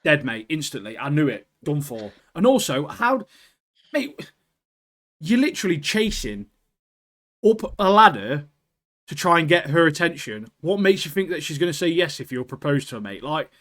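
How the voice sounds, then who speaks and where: Excitable British lad, says mate a lot. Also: male voice, fairly high pitch, moderate pace. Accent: British English. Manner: excitable, says "mate" constantly, swears casually. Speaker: podcast co-host. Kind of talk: casual chat.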